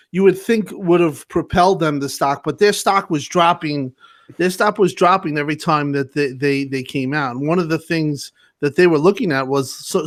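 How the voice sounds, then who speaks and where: Male panelist, slightly high voice, chatty, jumps in. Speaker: podcast panelist. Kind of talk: casual panel chat.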